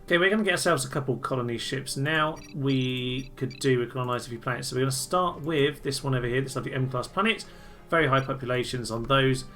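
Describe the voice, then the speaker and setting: A man talks through his strategy game in a relaxed, chatty way, tossing in cheery little asides and poking fun at himself. His voice is bright and sharp, with a gravelly edge. Game music plays faintly under him. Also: mid-range voice, quick pace, hardly any pauses. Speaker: gameplay commentator. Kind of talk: casual let's-play commentary.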